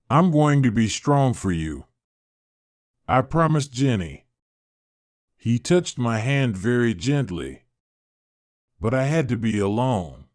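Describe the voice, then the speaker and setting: A man reading a story aloud slowly and clearly for English learners, in a calm, carefully paced narration. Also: medium pitch, no room sound, clean studio sound.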